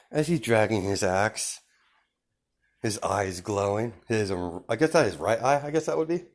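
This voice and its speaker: A man's voice: lowish voice, lively intonation, normal speed. A man casually improvising a fan story, rambling with many fillers and restarts.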